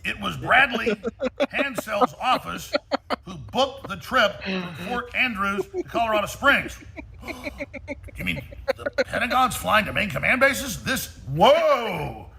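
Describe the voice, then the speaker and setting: A man's voice: high-pitched, lively intonation, a little slow, pushed and bright. A man ranting on his talk show, mocking his targets in put-on voices and repeating himself. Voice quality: gravelly, mocking. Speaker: radio show host.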